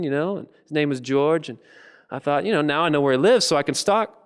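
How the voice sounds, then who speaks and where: A man telling a story on stage and performing spoken word poetry in an animated, humorous, self-deprecating way. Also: fairly high pitch, quick pace, clear, resonant tone, big-room sound.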